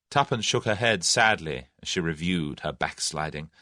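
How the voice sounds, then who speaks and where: A man narrates a classic mystery audiobook in a low voice with lively rises and falls. His storytelling is measured and expressive, and the recording is close and dry with no room sound. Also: dry recording.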